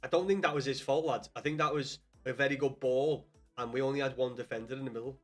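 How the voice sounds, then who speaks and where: A man's voice: mid-range voice, fairly even intonation, quick pace, faint music behind. A young man with a Scouse accent chatting casually on a live stream about football, swearing often and calling viewers lad. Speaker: livestream host.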